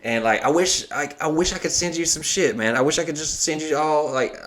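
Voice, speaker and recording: A man's voice: fairly high pitch, brisk, a bit bright. Profane rambling Southern man. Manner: profane rambling storyteller, acts out voices. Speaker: podcast host. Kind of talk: crude casual chat.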